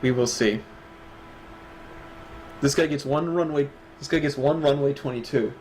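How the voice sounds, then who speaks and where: A young man in casual stream chat at his home desk, joking around and breaking into laughter often. His voice sits at an ordinary middle pitch, with a faint hum of noise behind him. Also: normal speed, darkish tone, low-quality recording. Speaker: co-host of an awards stream.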